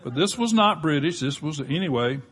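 Husky older Southern preacher. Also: male voice, fairly high pitch, expressive, brisk, a bit bright. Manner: folksy, conversational preaching with humor. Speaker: pastor. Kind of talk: sermon.

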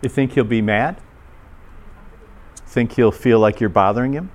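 A man delivers a loose, chatty sermon to a gathered audience. His voice sits in a middle pitch as he asks his listeners questions. He slips into short quoted voices along the way. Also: unhurried. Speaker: preacher. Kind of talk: conversational sermon.

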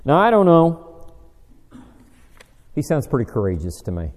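Recorded in a large hall with long reverb, a preacher teaching a Bible study speaks a little slowly in a somewhat high, darkish voice whose pitch swoops wildly. He stays chatty and conversational, asking the audience questions and offering dry self-deprecating humor.

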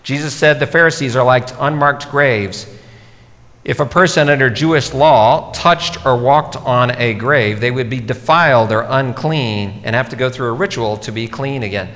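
Male pastor, mid-pitched, conversational sermon delivery, long hall reverb. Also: moderate pace, fairly bright tone. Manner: conversational, explanatory preaching.

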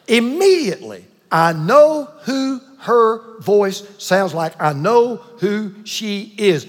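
Older male pastor, high husky voice, preaching in a big reverberant church. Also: big pitch swings. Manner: emphatic preacher with dramatic pauses and asides. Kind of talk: sermon.

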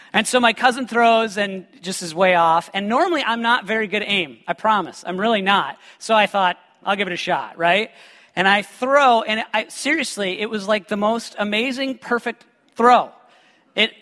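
High, bright-voiced man preaching. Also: in a large hall. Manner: lively, joking asides to the congregation. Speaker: pastor. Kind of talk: sermon with personal storytelling.

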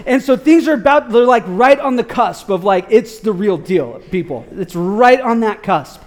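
Male preacher, high voice, loose and animated, slangy storytelling from the pulpit. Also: moderate pace. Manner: animated, slangy, many "like" fillers. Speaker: pastor. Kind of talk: casual storytelling sermon.

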